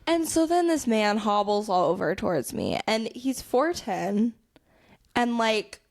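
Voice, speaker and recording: A young adult woman co-hosting a podcast, telling a story in casual chat with animated, sarcastic energy. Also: a little high, unhurried. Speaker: podcast co-host.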